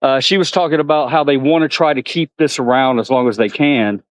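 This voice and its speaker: At a zoo, a man vlogs outdoors in a mid-range voice at a fairly quick pace, casually chatting to viewers. He laughs often and talks to the animals, and the recording is dry.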